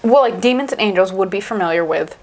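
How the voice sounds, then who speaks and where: A young woman co-hosting a casual chat, skeptical and animated, talking with lots of fillers like "like" and "dude". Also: mid-range voice, fast talker. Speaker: co-host.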